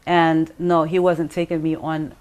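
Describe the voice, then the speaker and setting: A middle-aged woman telling her own story in an interview, halting and pausing, acting out the voices of others as she goes. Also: low-pitched, level tone, darkish tone. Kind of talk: emotional personal account.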